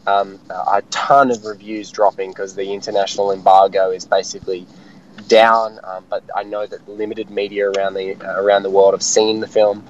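Excited man on radio. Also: fairly low pitch, normal speed, muffled recording, slight background noise. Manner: excited, rambling with fillers. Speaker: film critic guest. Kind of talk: casual radio chat.

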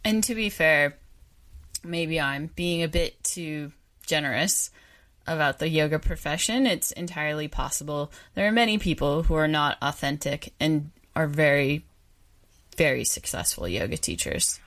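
Low-voiced woman podcast host. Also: lively intonation, normal speed, fairly bright tone. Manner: reflective, wry asides. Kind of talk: scripted narration and commentary.

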